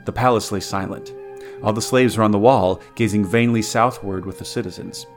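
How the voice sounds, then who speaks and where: A man narrating a story aloud as a podcast co-host, steady with occasional stumbles and restarts. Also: fairly low pitch, fairly quick, faint music behind.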